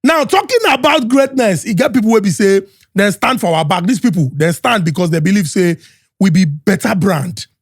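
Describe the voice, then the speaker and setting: Energetic Nigerian male podcast host, high-pitched, Pidgin-mixed hype reads, dry close studio mic. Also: moderate pace, dry recording. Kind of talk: hyped podcast intro and sponsor reads.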